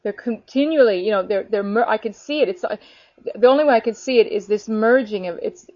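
Earnest, animated woman on a dull line. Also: a little high, brisk, dry recording. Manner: animated, earnest, many fillers. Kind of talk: casual faith conversation. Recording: dull lo-fi sound.

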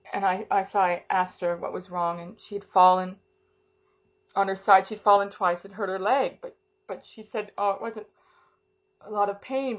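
Fervent woman in devotional talk, lo-fi. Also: medium pitch. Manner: soft, fervent, rambling with many restarts. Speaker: prayer and teaching leader. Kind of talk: informal devotional talk and prayer. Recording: slightly dull lo-fi sound.

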